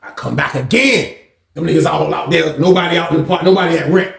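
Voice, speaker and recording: A man telling a story in casual, slangy talk, acting out loud quotes along the way. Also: fairly high pitch, fast talker, vocal fry, echoey room. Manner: animated, slangy, swings into loud acted-out quotes.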